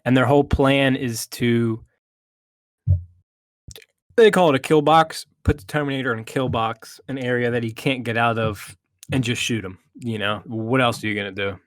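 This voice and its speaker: A man's voice: medium pitch, normal speed, no room sound, clean studio sound. A man co-hosting a casual movie review chat, retelling the plot with hesitations and restarts.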